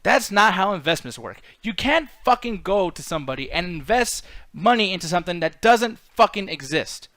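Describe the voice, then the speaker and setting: A man's voice: sits high, animated, normal speed, few pauses, a bit bright, dry recording. A man co-hosting a casual movie review chat, opinionated and argumentative, swearing a lot as he makes his points. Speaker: podcast co-host.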